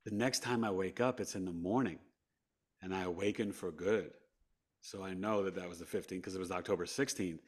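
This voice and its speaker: A man from New York, a podcast guest, telling a personal story with big swings between hushed and loud delivery. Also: deep voice, a little fast.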